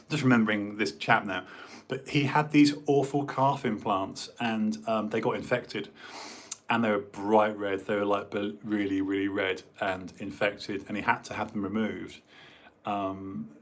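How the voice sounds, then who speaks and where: A man and former bodybuilder, chatting casually in a rambling way, full of fillers and restarts. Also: mid-range voice. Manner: meandering, many fillers and restarts. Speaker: former competitive bodybuilder hosting a stream.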